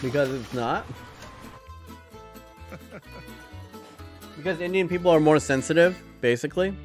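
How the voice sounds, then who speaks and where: A man's voice: a little high, unhurried, faint music behind. A young man streaming, talking casually and rambling to his chat, often swearing. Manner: rambling, chatty, profane, laughs at chat.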